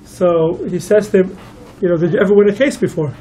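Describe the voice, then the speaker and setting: A man's voice: sits high, steady tone, fairly quick, mellow, poor audio. A man, a rabbi, telling a long story to listeners and quoting each figure in turn. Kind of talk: storytelling talk.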